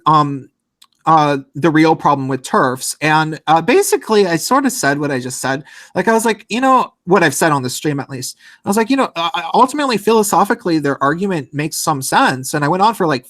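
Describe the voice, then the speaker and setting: A man with a slightly high voice tells a long, rambling story in casual podcast talk. He leans on many fillers and throws in swearing as he goes. The sound is dry and close-miked. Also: fairly bright tone, no echo.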